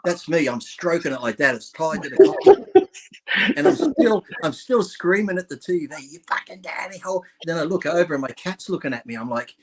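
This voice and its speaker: A man's voice: a little high, big pitch swings, fairly quick. A man chatting as a guest, telling crude stories and laughing through them. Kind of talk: crude casual chat with storytelling.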